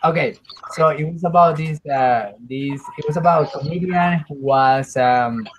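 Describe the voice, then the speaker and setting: A man's voice: a little high, moderate pace, dull audio, background noise. A man who is an English student, telling a story in casual conversation practice, hesitant, with many restarts as he searches for words.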